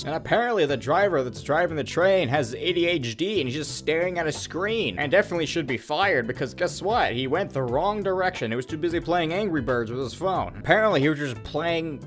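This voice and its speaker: A man's voice: fairly high pitch, animated, a little fast, soft background music. A young man recapping a film as a rambling, crude comedic parody, slipping in silly voices. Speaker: guest reviewer.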